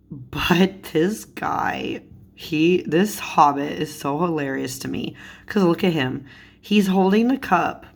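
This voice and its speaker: Giggly low-voiced woman, slow talker. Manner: giggly and amused, laughs often mid-sentence. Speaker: tarot video creator. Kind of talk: casual chat showing tarot cards.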